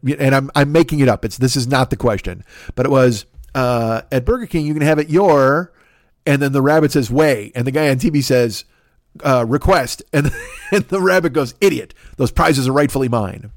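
A man's voice: medium pitch, moderate pace, dry recording, studio quality. A middle-aged man hosting a podcast, ranting comedically and rambling, swearing a lot and jumping to exasperated outbursts. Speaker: podcast host. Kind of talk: profane comedic rant.

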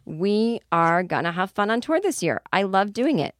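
A woman podcast host in her forties telling a story in a casual monologue, animated and with sudden shrieks. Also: medium pitch, normal speed, dry recording, studio quality.

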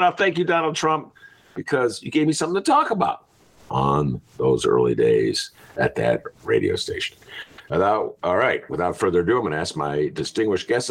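A man's voice: low-pitched, breathy edge. A man hosting a casual podcast chat, rambling and joking with plenty of fillers. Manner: rambling, jokey, lots of uh fillers. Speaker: radio show host.

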